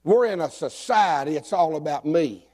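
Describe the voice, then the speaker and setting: Folksy preacher man, shouting at times. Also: a little high, animated, moderate pace. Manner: folksy, joking and shouting in bursts. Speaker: pastor. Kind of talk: sermon. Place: church sanctuary.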